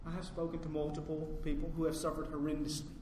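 A man preaching a sermon as pastor, swinging from loud emphatic peaks down to low, quiet points. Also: completely flat delivery, fast, a little hiss or hum. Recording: echoey hall with long reverb, faint ambience.

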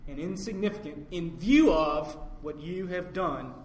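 A man preaching a sermon as pastor, swinging from loud emphatic peaks down to low, quiet points. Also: lively intonation, measured pace, a little hiss or hum. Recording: echoey hall with long reverb, faint ambience.

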